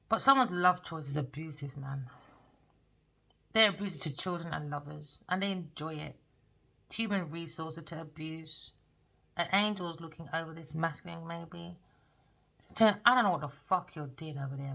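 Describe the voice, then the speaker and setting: Lady doing a tarot reading, super gravelly, sharp bright tone, blunt, swears a lot. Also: lowish voice, lo-fi sound. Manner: blunt, excitable, swears freely. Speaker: tarot reader.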